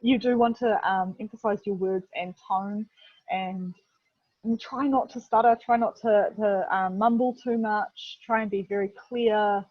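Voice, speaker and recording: A woman's voice: mid-range voice, fairly even intonation, a little slow, no room sound. A woman with a New Zealand accent giving a casual, chatty webinar lesson, full of fillers and the word "literally". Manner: chatty, filler-heavy, keeps saying "literally". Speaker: webinar presenter, video production head. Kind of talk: casual instructional webinar talk. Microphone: video call. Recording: dull, dry lo-fi video-call audio.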